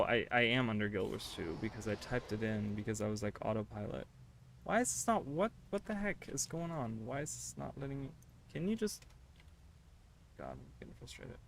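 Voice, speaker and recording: Gaming on a livestream, this man chats casually to his viewers and gets flustered and exasperated easily. His mid-range voice is creaky and a little fast, with slight hiss or hum in the background.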